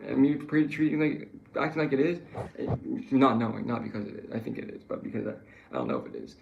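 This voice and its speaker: A man talking politics in a loose, rambling monologue, full of swearing and restarts. His voice is gravelly at a middle pitch. The room is echoey with a faint hum behind him. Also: darkish tone, lo-fi sound. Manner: rambling, profane, self-correcting.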